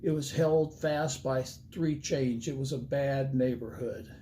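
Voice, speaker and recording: A man's voice: mid-range voice, fairly even intonation, a little slow, mellow, slight background noise. An older man, an evangelist, telling a folksy story in a sermon and acting out the dialogue with animation.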